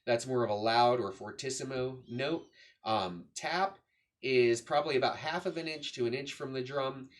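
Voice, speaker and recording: A man's voice: mid-range voice, normal speed. A man teaching a drum lesson, patiently explaining strokes and counting beats aloud as he demonstrates. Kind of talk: casual instructional explanation. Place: room with a drum kit.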